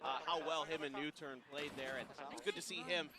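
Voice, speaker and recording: A man's voice: on the high side, fairly even intonation, fairly quick. A man giving analytical esports color commentary, chatty and full of fillers. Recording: live crowd noise behind.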